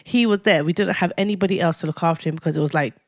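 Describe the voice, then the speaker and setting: A woman co-hosting a casual podcast chat, teasing her partner and quick to jump in. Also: on the low side, a little mellow, no echo, studio quality. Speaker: podcast co-host.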